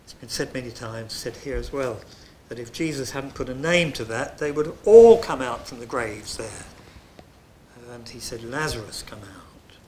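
A man preaching a sermon in an earnest way, dropping to soft, hushed phrases and then rising to loud, emphatic lines. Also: mid-range voice, expressive, moderate pace, hardly any pauses, a little hiss or hum.

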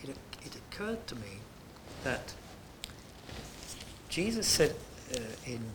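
A man preaching a sermon in an earnest way, dropping to soft, hushed phrases and then rising to loud, emphatic lines. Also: medium pitch, big pitch swings, slow, noisy background.

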